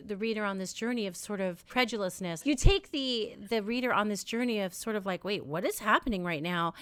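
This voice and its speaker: A woman's voice: medium pitch, fairly bright tone, clean tone. Affirming woman interviewer with restarts. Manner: affirming, halting with restarts, many "mm-hmm"s. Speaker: interviewer, host. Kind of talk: interview questions.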